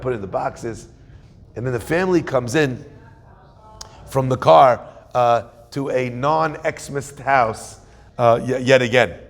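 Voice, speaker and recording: A man, a rabbi, telling a story in a sermon and acting out the voices of the people in it. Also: medium pitch. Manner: animated storyteller, acts out quoted voices. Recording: long hall reverb.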